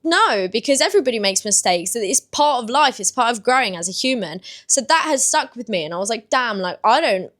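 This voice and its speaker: A woman's voice: fairly high pitch, very animated, a little fast, hardly any pauses, a bit bright. A woman in her twenties with a British accent, talking openly and casually to camera in a confessional vlog, with many filler words. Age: 20s. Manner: open, chatty, many "like" fillers. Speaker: vlogger.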